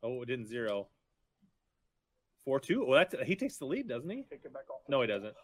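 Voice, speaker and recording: A man commenting casually and excitedly while watching a fishing weigh-in. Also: medium pitch, normal speed.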